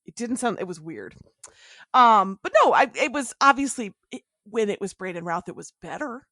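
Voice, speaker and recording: Animated woman recapping TV, laughing often. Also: mid-range voice, moderate pace, dry recording, studio quality. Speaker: podcast co-host. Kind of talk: casual TV recap chat.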